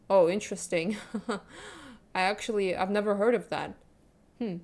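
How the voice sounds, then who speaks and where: A woman's voice: mid-range voice, moderate pace, pauses often. A woman streamer chatting casually with her viewers while gaming, rambling and giggling often. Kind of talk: casual chat with viewers during a game stream.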